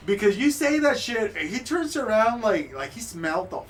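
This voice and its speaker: A man narrating as game master, telling the scene in an animated, profane way. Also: high-pitched, moderate pace. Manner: animated, profane storytelling with frequent laughter. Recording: distant mic with background noise.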